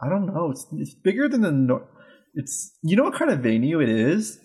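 Man chatting in a halting way. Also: fairly high pitch, huge pitch swings, a little mellow. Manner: halting, with restarts and fillers. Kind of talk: casual chat.

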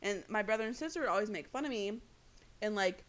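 A woman's voice: mid-range voice, fast. A young woman co-hosting a podcast, telling stories in casual chat with frequent laughter and swearing. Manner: animated, swearing, laughing storyteller. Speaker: podcast co-host.

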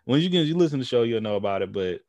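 A man's voice: mid-range voice, animated, very fast, a little mellow, no echo. Man, podcast host, mid-range voice, loose storytelling, does little voices for relatives, dry recording. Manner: loose, rambling, laughs often; acts out relatives' voices while telling stories. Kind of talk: casual conversation.

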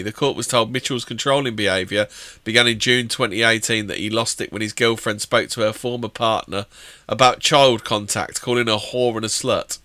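Bright-voiced bloke, sweary banter on a voice call, dry sound. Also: male voice, lowish voice, fairly even intonation, normal speed, no echo. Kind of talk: casual group chat, reading news headlines.

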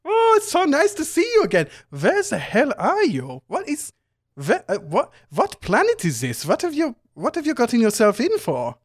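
A man's voice: very high-pitched, huge pitch swings, moderate pace, pitched above the performer's own voice, full character voice. A man putting on a gushing, squealing spirit. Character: flamboyant affectionate male spirit, gushing and clingy.

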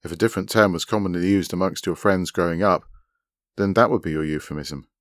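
A man reading his own short story aloud in a measured, articulate first-person narration. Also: sits low, a bit bright, no room sound, clean studio sound.

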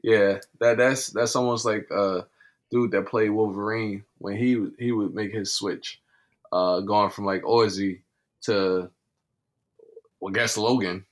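A man's voice: lowish voice, fairly even intonation, slow. Man, podcast co-host, casual chat, slangy, hesitant, searching for words.

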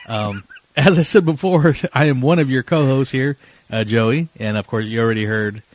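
A man's voice: medium pitch, moderate pace, no echo. A man co-hosting a podcast in casual chat, rambling with lots of fillers and frequent laughter. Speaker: podcast co-host.

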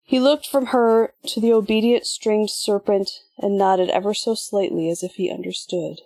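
A woman reading an audiobook in measured, even scripted narration. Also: mid-range voice, no echo.

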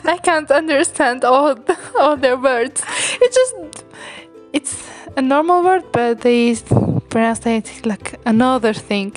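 A woman's voice: sits high, animated, measured pace, soft background music. A young Algerian woman with an Algerian accent, co-hosting a podcast, giggly and hesitant with many restarts. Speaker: podcast co-host. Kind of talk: casual podcast chat.

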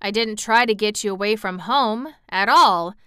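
A woman's voice: medium pitch, moderate pace, bright, forceful tone, clean tone, dry recording, studio quality, natural voice. Woman doing a wry shaggy wanderer. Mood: reassuring. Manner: wry, reassuring. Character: shaggy, good-humoured wandering man.

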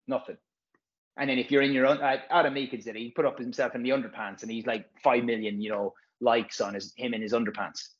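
In this casual podcast chat, a man who presents a physio course speaks at a medium pitch with lo-fi sound quality. He's candid and relaxed, wandering off track and swearing freely.

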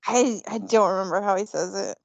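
A woman co-hosting a podcast in casual chat, playful and quick to laugh. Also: medium pitch, vocal fry, a little mellow, no room sound, muffled recording. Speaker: podcast co-host.

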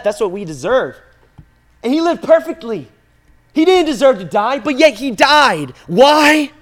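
A male preacher delivering an impassioned, repetitive sermon, swinging from hushed, intimate lines to loud, driving ones. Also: high voice.

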